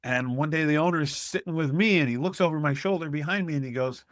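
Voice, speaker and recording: Animated male guest telling stories. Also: on the high side, fast, no echo, clean studio sound. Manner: animated, acts out quoted people. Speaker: guest, restaurant consultant. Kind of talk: conversational storytelling.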